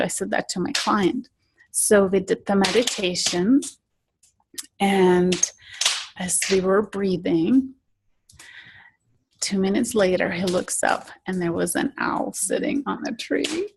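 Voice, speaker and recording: A woman speaks as an interview guest, telling her stories in an earnest, gentle way. Her voice has a gravelly edge. A faint hiss sits under the recording. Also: medium pitch, fairly even intonation, takes it slowly, low-quality recording. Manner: soft, earnest, drops to whispers in tense moments. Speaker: interview guest, spiritual guide. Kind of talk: storytelling in an interview.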